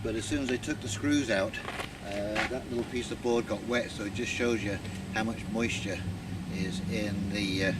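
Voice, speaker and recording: A man casually talking through his garden work outdoors, pausing often with filler words as he explains. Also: lowish voice, very noisy. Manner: rambling, many "uh" pauses, relaxed storytelling. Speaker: gardening vlogger.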